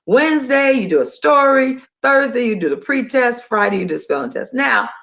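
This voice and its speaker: A middle-aged woman telling a personal story in a casual, animated way, acting out both sides of her phone calls. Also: mid-range voice. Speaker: talk show host sharing a personal story.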